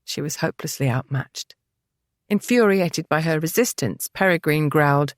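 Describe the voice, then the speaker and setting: A woman narrating a historical romance novel in a steady, dramatic storytelling manner. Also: sits low, normal speed, no room sound, clean studio sound. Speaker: audiobook narrator. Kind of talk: scripted narration.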